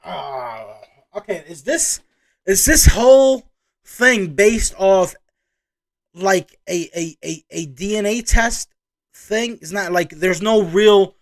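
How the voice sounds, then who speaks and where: A man's voice: high voice, animated, takes it slowly. A man hosting a reaction video, chatting casually and exclaiming as he reacts.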